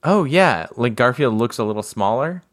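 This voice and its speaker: A man co-hosting a casual podcast chat, describing things in slow, halting phrases and chuckling often. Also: mid-range voice, animated, no echo, studio quality. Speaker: podcast co-host.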